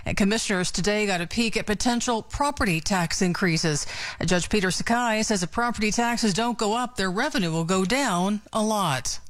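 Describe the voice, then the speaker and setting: A woman anchoring a local radio newscast, reading the headlines and weather in a crisp, measured way. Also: mid-range voice, a bit bright.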